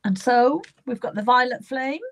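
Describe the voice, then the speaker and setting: Drawing cards during live readings, this medium with a British accent keeps reassuring the client warmly, repeating names and phrases again and again. She talks at a moderate pace in a voice that sits a little high.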